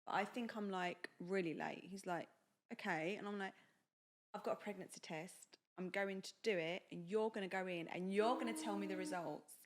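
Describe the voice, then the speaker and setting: A woman's voice: mid-range voice, moderate pace. Chatty young woman telling a story. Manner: chatty, animated, acts out quoted dialogue. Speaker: podcast co-host. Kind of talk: casual chat, personal storytelling.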